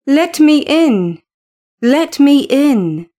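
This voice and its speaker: A woman's voice: high voice, lively intonation. A woman voicing the ghost of a lost young girl who pleads in broken sobs. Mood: pleading sobs. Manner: pleading, broken sobbing, slow.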